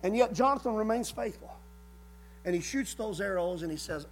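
A man's voice: high voice, animated, moderate pace. A man preaching a sermon in a folksy way, repeating words and briefly acting out the people he quotes.

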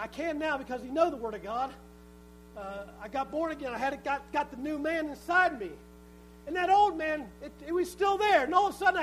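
High-pitched man preaching in church, gets loud then soft, bit of hum. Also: low-quality recording. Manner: emphatic preaching, shifting from quiet to shouted. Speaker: pastor. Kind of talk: sermon. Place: church sanctuary.

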